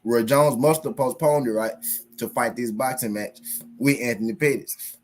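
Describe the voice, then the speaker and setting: Profane, animated man talking boxing. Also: mid-range voice, normal speed. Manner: profane, animated, talks straight to viewers. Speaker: boxing channel host. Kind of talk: casual live commentary, reading an article aloud.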